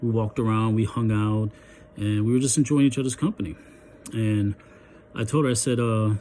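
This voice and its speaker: A man's voice: fairly low pitch, steady tone, moderate pace, dark tone, slight background noise. A man telling a personal story in a casual vlog, chatty and full of ums and restarts, acting out what each person said. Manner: chatty, many ums and restarts, acts out the dialogue. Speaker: vlogger.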